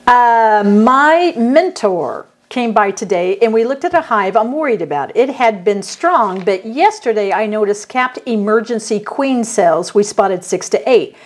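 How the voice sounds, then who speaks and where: A woman's voice: a little high, lively intonation. A woman with a Southern US accent co-hosting a casual chat, easygoing as she reads out viewer questions. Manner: easygoing, reads questions aloud, quick to laugh. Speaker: co-host reading viewer questions.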